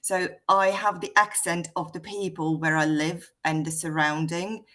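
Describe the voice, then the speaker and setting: A woman's voice: fairly low pitch, steady tone, measured pace, pushed and bright. A woman from Hungary with a British accent touched by South African vowels, telling her story in a chatty way with frequent ums. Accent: Hungarian-born, mixed British and South African. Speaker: guest speaker. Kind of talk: casual conversation on a video call.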